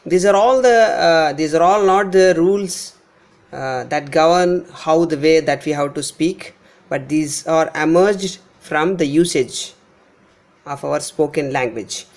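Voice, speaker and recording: A man with an Indian English accent giving a pronunciation lesson, patiently repeating example words slowly for emphasis. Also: fairly high pitch. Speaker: English teacher.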